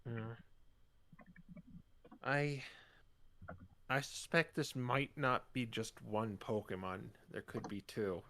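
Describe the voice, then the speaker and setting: A man's voice: medium pitch, steady tone, slow pace, pauses often, fairly bright tone, slight background noise. A man playing a tabletop game, thinking aloud in a tentative, hedging way. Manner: thoughtful and tentative, with ums and hedges. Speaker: player.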